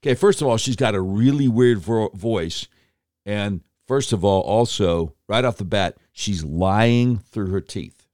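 A man's voice: on the low side, unhurried, darkish tone, no echo, clean studio sound. A man hosting an opinionated talk monologue, sarcastic and mocking as he comments on clips. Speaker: political commentary host.

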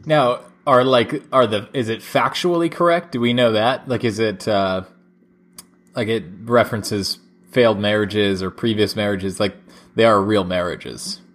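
A man's voice: fairly low pitch, measured pace, a bit bright. A man co-hosting a casual podcast, joking and asking questions with lots of "like". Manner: joking, questioning, many "like" fillers. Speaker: podcast co-host. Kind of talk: casual chat.

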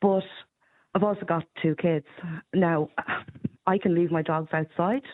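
An Irish woman giving blunt, opinionated views in casual radio chat, quick to laugh. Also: lowish voice, fairly even intonation, phone-quality sound. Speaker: radio panelist.

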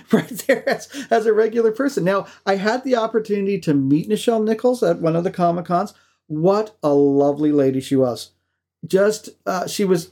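A man co-hosting a podcast, telling stories in a lively way with frequent laughs and restarts. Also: sits high. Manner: animated storyteller, laughs often, restarts. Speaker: podcast co-host. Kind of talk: casual chat.

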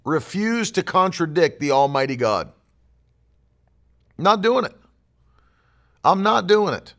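A man's voice: sits high, sing-song, slow pace, fairly bright tone. A man preaching a sermon as pastor, emphatic and driving his points home with repeated declarations.

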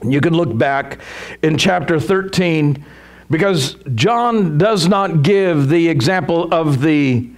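Slow-speaking high-voiced male preacher. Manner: chuckling, conversational preaching. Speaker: pastor. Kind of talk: sermon.

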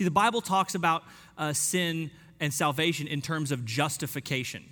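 Earnest preacher man in a reverberant hall. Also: on the high side. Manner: earnest, emphatic, slows down and drops quiet on key points. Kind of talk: sermon.

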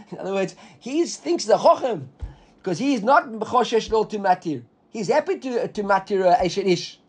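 A man's voice: high-pitched, normal speed, slightly rough. A man teaching a Talmud class, explaining step by step and checking in with "right?". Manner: animated, explaining with frequent "right?".

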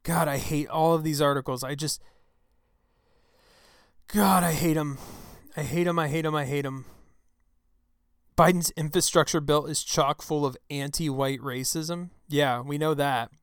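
A man hosting his own talk show, delivering an angry, profane political rant into a close microphone, with shouted outbursts. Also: on the high side, fairly even intonation, measured pace, pauses often, smooth, no echo. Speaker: show host. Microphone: close studio mic.

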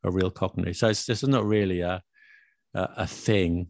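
Low gravelly man, chatty and explaining. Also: fairly even intonation, normal speed, a little mellow, no echo, studio quality. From England, north London area. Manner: explanatory, chatty, laughs often. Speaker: language video maker discussing accents. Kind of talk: casual conversational chat.

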